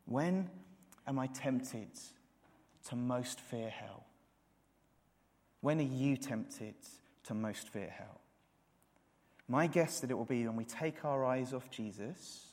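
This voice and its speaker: A man in his thirties preaching a sermon, earnest, repeating words and rising to emphatic peaks. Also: medium pitch. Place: church hall. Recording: long reverb of a church hall.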